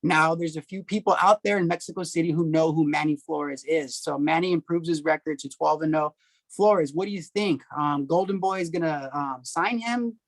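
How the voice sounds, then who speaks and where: Chill guy hosting a podcast, lots of ums, higher-ish voice, dry audio. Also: normal speed, no room sound. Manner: loose, questioning, with fillers. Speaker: podcast host. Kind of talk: casual chat.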